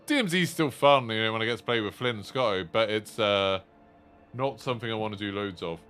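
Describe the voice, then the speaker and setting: A man's voice: lowish voice, fairly quick, a bit bright, smooth. A man in his thirties chatting casually to viewers while streaming, rambling with lots of fillers. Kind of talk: casual live-stream chat.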